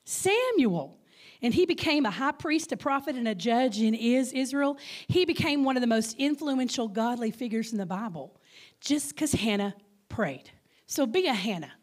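A woman's voice: on the high side, expressive, normal speed. A woman in her fifties with a Texas accent, giving a playful Mother's Day sermon and calling out questions to the congregation. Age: 50s. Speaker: guest speaker. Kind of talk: Mother's Day sermon with audience call-and-response.

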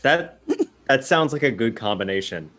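A man's voice: mid-range voice, animated, moderate pace, a bit bright. Easygoing man podcast co-host. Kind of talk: casual podcast chat.

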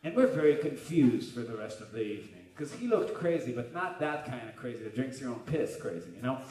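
A man's voice: medium pitch, very animated, brisk, darkish tone. A man, a guitarist, telling a casual, swearing comic story on stage between songs at a live music venue, on a stage mic. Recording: roomy live venue from far off.

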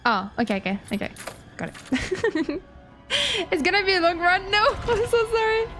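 A woman streamer commenting on a horror game, excitable, giggling and shrieking when scared, with game sounds behind. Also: very high-pitched, moderate pace. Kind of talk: live gaming commentary. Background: game music and sounds.

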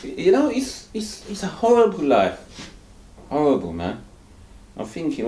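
A man's voice: fairly high pitch, wildly swooping pitch, a little slow, long pauses, dark tone. A man talking candidly in an interview. He rambles and tags his lines with "you know," often with rueful laughter. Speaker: interviewee, dialysis patient. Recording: roomy echo.

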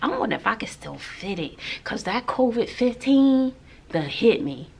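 A woman vlogging in a casual, chatty way, playful and quick to exclaim and laugh. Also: fairly high pitch, big pitch swings, gravelly, slightly rough. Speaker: vlogger showing her outfit.

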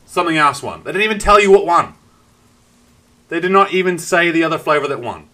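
Kiwi male streamer, crisp bright tone, animated storyteller who swears freely. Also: fairly high pitch, a little fast. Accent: New Zealand. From New Zealand. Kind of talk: casual live-stream chat.

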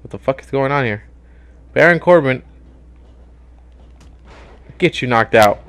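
A young man talking through a wrestling video game in loose, casual commentary. He gets excitable fast, swears freely and shouts at what happens on screen. His voice sits at an everyday middle pitch. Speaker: gaming YouTuber.

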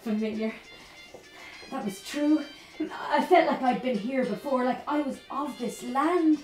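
An actress playing a lively Spanish woman who has moved to Ireland, with a Spanish accent, telling her story in a one-woman theatre monologue with lots of playful laughter. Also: sits high, unhurried, distant mic. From Spain. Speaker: stage performer. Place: theatre stage. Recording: roomy stage sound from afar, faint music.

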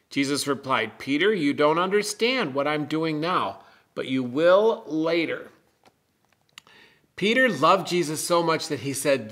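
Gentle man telling children a Bible story. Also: fairly high pitch, sing-song, measured pace. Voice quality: gentle, explaining simply to children. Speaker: pastor giving children's message. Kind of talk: children's sermon, storybook reading.

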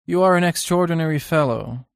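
A man's voice: a little high, brisk, creaky, clean tone, no room sound, studio quality, pitched above the performer's own voice. A man voicing an earnest young painter in an audiobook, confiding and uneasy in tone.

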